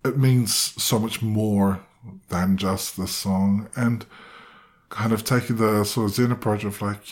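Slow, low-voiced man telling a story. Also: steady tone. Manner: wandering, self-deprecating, acts out quoted voices. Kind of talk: personal storytelling monologue.

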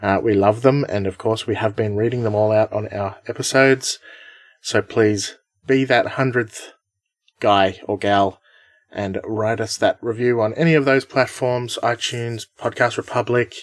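A man's voice: fairly low pitch, dry recording. A man hosting a podcast in casual chat, upbeat and chatty, laughing often. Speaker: podcast host.

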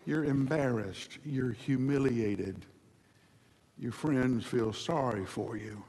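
A man preaching a sermon dramatically, moving between hushed passages and loud ones, in a large hall. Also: medium pitch, takes it slowly, husky. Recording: long hall reverb.

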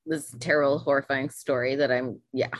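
A woman co-hosting a podcast in casual chat, chiming in with quick teasing replies and easy laughter. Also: extremely low pitch, fairly even intonation, no echo. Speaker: podcast co-host.

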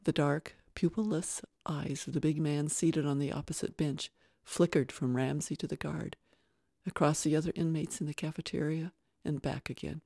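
Mellow, dry audiobook narrator. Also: mid-range voice, steady tone, normal speed, creaky, dry recording. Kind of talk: scripted thriller narration.

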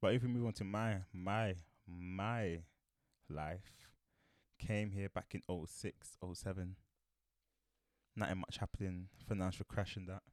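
A man's voice: low-pitched, steady tone, a little slow, no room sound, clean studio sound. A young man with a South London accent, co-hosting a casual podcast chat in laid-back slang and laughing often. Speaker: podcast co-host.

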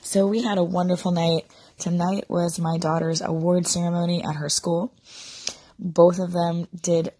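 A woman in her thirties, a sick and short-of-breath mother, sadly confiding a personal story in a halting monologue full of fillers. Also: lowish voice, little pitch movement, dark tone, slightly rough, no echo. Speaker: podcaster, mother.

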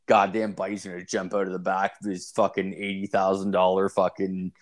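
A man's voice: low voice, completely flat delivery, fairly quick. A man co-hosting a podcast, telling a rambling, profane story in casual chat, full of "like" and "dude". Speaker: podcast co-host.

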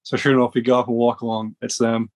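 A man's voice: mid-range voice, level tone, quick pace. A man sitting in as a podcast guest, his voice in an ordinary middle register. He tells long stories in a casual, rambling way, full of restarts and fillers. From Scotland. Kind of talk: casual storytelling.

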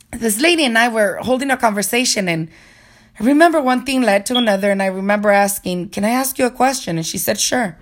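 A woman narrating a personal story in an earnest, reflective way, as a motivational speaker. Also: medium pitch.

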